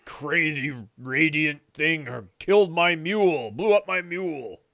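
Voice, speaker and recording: A man voicing a huge, dim-witted male ogre who guffaws and speaks slowly. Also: a little high, expressive, pushed and bright, dry recording, lo-fi sound, heavily acted. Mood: gloating. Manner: slow, guffawing.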